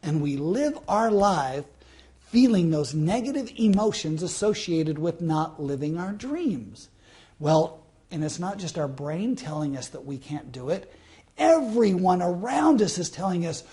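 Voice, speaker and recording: A man's voice: a little high, animated, unhurried, dark tone. A man in his fifties from Southern California, giving a motivational self-help talk and telling a personal story, with rhetorical questions to the listener. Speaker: motivational speaker.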